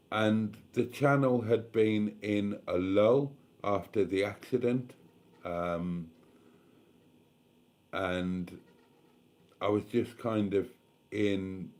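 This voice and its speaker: A man hosting a late-night live stream, tired and a little tipsy, talking slowly and emotionally as he thanks his viewers. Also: lowish voice, a little mellow.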